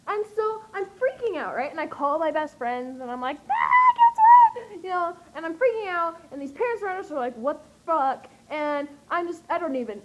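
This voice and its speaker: A young woman telling an excited vlog story, gushing and breathless, with lots of fillers. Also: sits high, low-quality recording. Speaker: vlogger.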